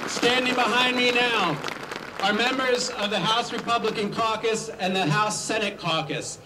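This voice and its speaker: A man giving a rousing rally speech as a politician, leading the crowd in shouted chants. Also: high voice, normal speed. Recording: distant mic, crowd and ambient noise.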